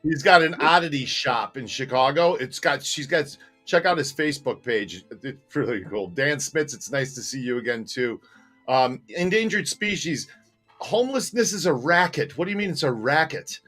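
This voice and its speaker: A male host of a casual livestream reads viewer comments aloud and chats about them in a relaxed way. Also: mid-range voice, normal speed, soft background music.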